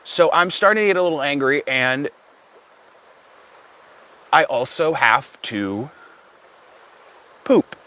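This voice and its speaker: Young comedian guy rambling thru a story, kinda high bright voice, deadpan asides. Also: slow, long pauses. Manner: deadpan with self-aware asides.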